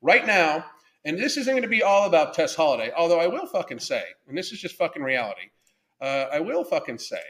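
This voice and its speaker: A man's voice: a little high, very animated, brisk, fairly bright tone. A man hosting a livestream, ranting bluntly and swearing constantly, reading viewer comments aloud between tirades. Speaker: livestream podcast host. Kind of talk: profane ranting livestream monologue.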